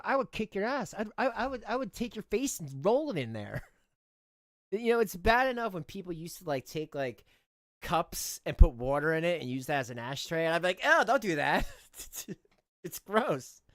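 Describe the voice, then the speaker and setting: A man's voice: high-pitched, very animated, moderate pace, no room sound, studio quality. A man hosting a livestream, ranting and mocking in an indignant, rambling way with many restarts. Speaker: livestream host.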